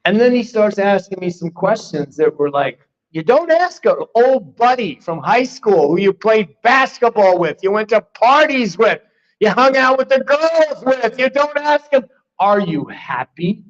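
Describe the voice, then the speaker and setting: A man's voice: high voice, a little slow. An older man from Philadelphia, a spiritual teacher telling a personal story in a class, acting out what he once said. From Philadelphia, United States. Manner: animated, acts out his own past lines. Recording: dull lo-fi recording.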